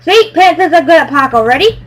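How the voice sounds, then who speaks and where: A woman chatting excitedly while playing a building game with friends, silly and bubbly, breaking into squeals. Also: sits high, a little fast. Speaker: gamer playing on a friend's server. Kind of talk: excited let's-play chatter.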